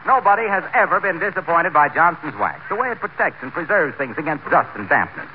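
A man acting as announcer in a radio comedy, working a cheerful, smooth sales pitch into the scene. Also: very animated, brisk. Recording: muffled old radio broadcast with hiss.

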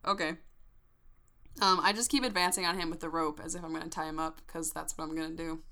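A woman playing a tabletop game, deliberate and playful. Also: deep voice, fairly even intonation, bright, forceful tone. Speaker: player. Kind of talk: casual tabletop game play.

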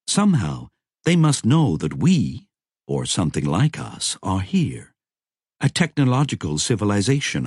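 A man reading a science fiction audiobook in a measured way, lifting his voice for the characters' dialogue. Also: deep voice, a little mellow, slightly rough, dry recording, clean studio sound. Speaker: audiobook narrator. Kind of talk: scripted narration.

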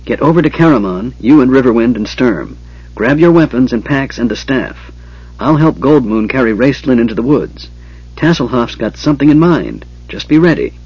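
A man voicing a gruff, blunt old dwarf who talks tersely. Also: mid-range voice, expressive, moderate pace, a little mellow, dry recording, dull audio, pitched above the performer's own voice. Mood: urgent.

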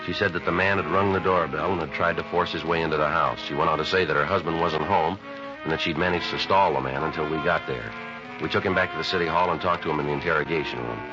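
A man's voice: a bass voice, fast talker, over music. An actor playing a terse male police detective who narrates and questions suspects in a clipped, matter-of-fact way, in a 1950s radio crime drama on a lo-fi old broadcast. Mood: flat report.

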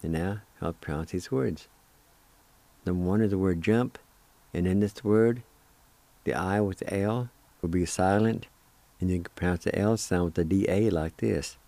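A middle-aged man teaching words slowly, spelling them out and repeating each syllable, with gentle encouragement. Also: low voice, creaky, no echo. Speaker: language teacher and radio host. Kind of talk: slow spoken language lesson.

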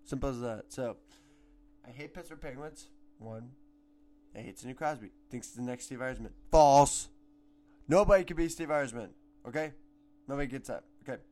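A teenage boy hosting a casual solo sports podcast at home, rambling and excitable, sometimes breaking into shouts. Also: mid-range voice, a little fast. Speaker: podcast host. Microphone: home microphone.

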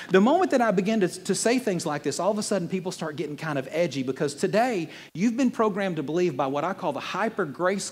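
A male pastor preaching a sermon in a church in an animated, conversational way with playful asides. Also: a little high, in a large hall.

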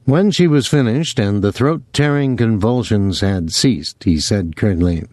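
Guy narrating an audiobook, lowish voice, lots of pitch movement, dry close mic. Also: expressive, unhurried, hardly any pauses, a little mellow, no echo.

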